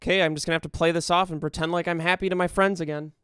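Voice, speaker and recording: A man streaming a game, chatting casually in an excitable, dramatic way and swearing often. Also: a little high, very fast, smooth, no echo, clean studio sound. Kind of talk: casual gaming chat.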